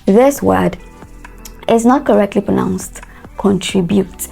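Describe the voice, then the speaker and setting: Slow, deliberate woman coaching pronunciation. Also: medium pitch, vocal fry, dark tone, faint music behind. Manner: slow, deliberate, repeats words for drill. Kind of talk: pronunciation lesson.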